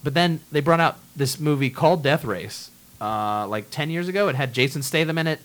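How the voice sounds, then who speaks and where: A man's voice: a little high, expressive, fairly quick, a bit bright. Blunt ranting man. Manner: ranting, blunt, swears freely. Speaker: podcast host. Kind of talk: casual movie chat.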